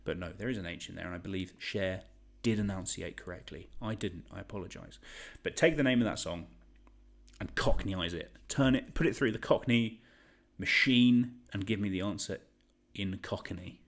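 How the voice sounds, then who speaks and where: Chatty quiz host, lowish voice. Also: male voice, moderate pace. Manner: chatty, rambling, joking. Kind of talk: live online quiz hosting.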